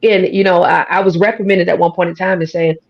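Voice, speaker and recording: A woman's voice: fairly low pitch, fairly even intonation, fast talker, lo-fi sound. A woman with a country twang talking as a podcast guest, folksy and emphatic with a drawl. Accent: American country twang. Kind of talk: casual conversation. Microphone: studio or podcast mic.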